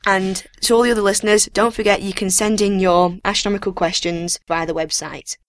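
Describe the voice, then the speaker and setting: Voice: mid-range voice, steady tone, fairly quick, fairly bright tone, no echo. A podcast co-host thanks listeners by name and cheerfully invites more questions. The voice is mid-range, and the recording is dry.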